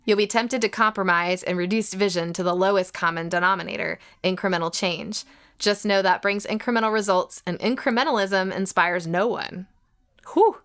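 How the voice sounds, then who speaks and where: A woman co-hosting a casual church podcast, chatty and quick to laugh. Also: medium pitch, a bit bright. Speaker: podcast co-host.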